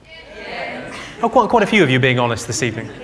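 A man doing a stand-up comedy set on a theatre stage, trading deadpan one-liners and banter with the audience. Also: mid-range voice, racing. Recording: live show with loud audience noise.

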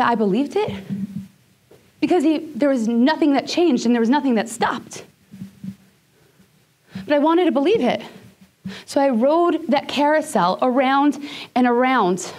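A woman's voice: sits high, a little mellow. A woman giving a personal storytelling talk, emotional, sometimes dropping to a near whisper. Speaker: speaker.

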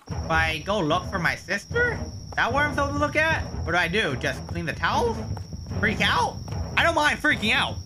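Jumpy streamer, very lively pitch. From United States. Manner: jumpy, yelps and rambles nervously. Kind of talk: live horror gameplay commentary. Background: game music.

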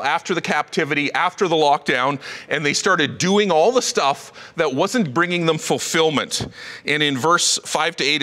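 A man preaching a sermon as pastor, animated and conversational, with frequent asides. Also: a little high, in a large hall. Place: church auditorium.

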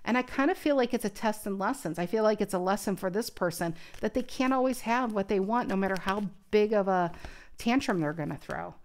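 A woman's voice: mid-range voice, fairly quick. A woman giving a casual tarot reading to camera, speaking earnestly and thinking aloud with frequent restarts. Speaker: tarot card reader.

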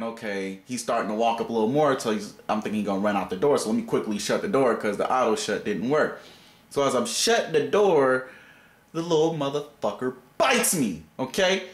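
A man telling an angry, heavily profane story as a vlog, his pitch swinging wildly as he gets worked up. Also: fairly bright tone, roomy sound. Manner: heated, swears constantly, wildly varying pitch.

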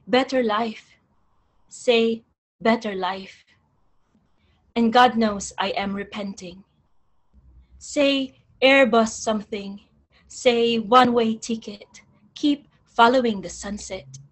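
Young woman, poet, poetry reading, measured and deliberate, unhurried, a little high-pitched. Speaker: poet reading her work. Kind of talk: poetry reading with spoken asides.

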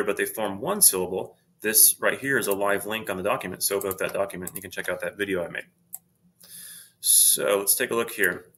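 A man teaching a screen-recorded grammar lesson, explaining steadily and saying each example word twice, slowly. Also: lowish voice, bright, forceful tone. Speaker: Spanish teacher.

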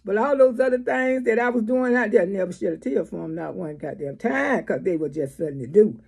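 A woman's voice: mid-range voice, animated, a little fast, creaky, darkish tone, breathy edge. A woman giving blunt, profane, scolding commentary in a vlog. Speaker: vlogger.

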